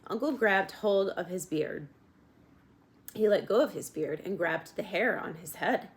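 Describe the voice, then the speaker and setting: A woman narrating a storybook in a gentle, measured way, at times addressing the reader directly. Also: fairly low pitch. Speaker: audiobook reader.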